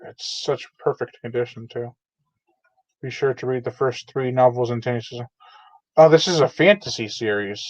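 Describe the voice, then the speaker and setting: Hosting his channel's live unboxing stream, a man reads chat aloud and chats loosely, full of filler words. He speaks at a moderate pace in a mid-range voice. It's a dull, lo-fi dry home mic with no room sound.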